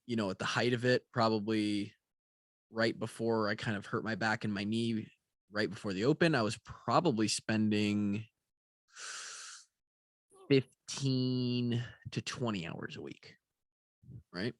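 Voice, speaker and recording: This vlogger is a tired young man who yawns while rambling casually to camera, full of fillers and offhand swearing. He speaks at a measured pace with frequent pauses, in a fairly low voice, and there's no room sound.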